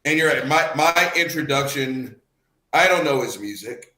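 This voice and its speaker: A Cajun man in his fifties from Louisiana, ranting profanely in a casual chat, repeating himself and veering between laughter and shouting. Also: mid-range voice, animated, normal speed, reverberant, poor audio. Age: 50s.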